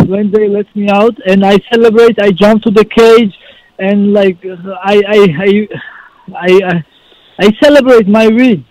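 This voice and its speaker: A man calling in as a fighter guest, telling his story earnestly in halting, broken English. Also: sits high, a little mellow, dry recording, low-quality recording. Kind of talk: phone-in interview. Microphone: phone call.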